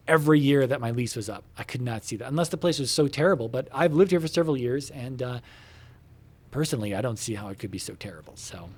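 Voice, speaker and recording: A man's voice: medium pitch, slightly rough. Rambling man chatting while gaming. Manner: meandering, filler-heavy, swears casually, breaks off to comment on the game. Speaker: gamer talking to viewers while playing. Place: home computer room in an apartment.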